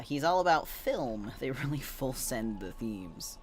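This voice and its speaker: A man's voice: medium pitch, very animated, moderate pace, faint music behind. A man streaming a game, joking casually and reading the characters' lines aloud.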